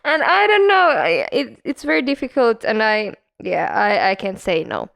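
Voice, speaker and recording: A woman's voice: on the high side, big pitch swings, normal speed, gravelly, fairly bright tone. A woman co-hosting a casual hospitality podcast, chatting about her front desk job with frequent giggles. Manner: giggly, self-deprecating, lots of laughter. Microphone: podcast microphone.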